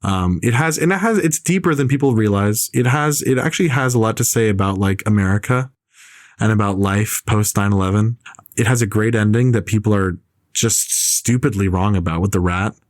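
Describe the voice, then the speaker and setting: A man's voice: lowish voice, fairly quick, no room sound, clean studio sound. A man ranting in casual podcast chat, opinionated and rambling, with lots of "like" fillers. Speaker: podcast co-host.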